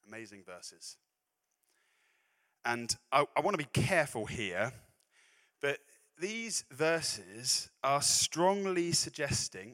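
A man delivers a sermon in an easy, self-deprecating way, slipping into laughing asides between readings. His voice sits at a middling pitch. The sound carries a long, echoey hall reverb. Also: expressive, normal speed, fairly bright tone. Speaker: preacher. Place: church hall.

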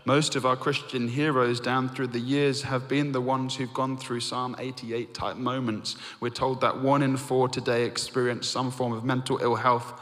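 An earnest man delivers a sermon at a middling pitch, his voice swelling on key points and sinking low and quiet on reflective ones. His words ring out with a long hall reverb behind them. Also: little pitch movement, normal speed, hardly any pauses. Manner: earnest, rising to emphatic then dropping to hushed. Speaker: preacher.

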